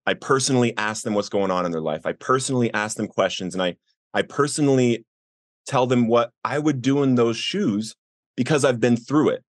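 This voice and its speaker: A middle-aged man earnestly telling his personal recovery story as a podcast guest, voicing the people in it with raised pitch. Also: a little fast, no echo, clean studio sound. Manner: earnest, acts out quoted voices with rising pitch.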